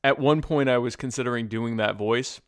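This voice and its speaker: A man's voice: mid-range voice, a little fast, clear, resonant tone. A man co-hosting a podcast in casual comedic chat, dry and joking, telling rambling anecdotes. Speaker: podcast co-host.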